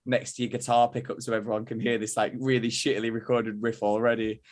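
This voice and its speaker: An English band member, appearing as a podcast guest, rambles through stories and swears freely in casual chat. His mid-range voice keeps a level tone at a quick pace, recorded clean in the studio with no echo.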